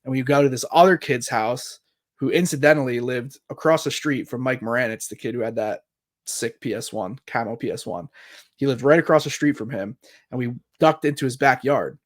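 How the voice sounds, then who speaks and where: A man in his thirties telling a long story on a casual podcast. He talks in a loose, animated way, swears freely, and drops into quick voices for the people in the tale. His pitch sits at an average level for a man. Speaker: podcast co-host.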